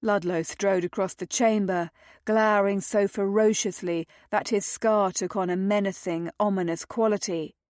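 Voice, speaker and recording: A woman narrating a romance novel aloud in a measured, dramatic reading. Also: mid-range voice, fairly even intonation, a little mellow, no echo, studio quality. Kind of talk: audiobook narration.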